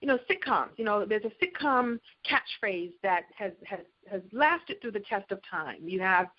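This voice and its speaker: Middle-aged woman speaker, animated motivational storyteller, mid-pitched, slightly dull recording. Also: moderate pace. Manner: animated storytelling, acts out catchphrases. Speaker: keynote speaker. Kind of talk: motivational keynote talk.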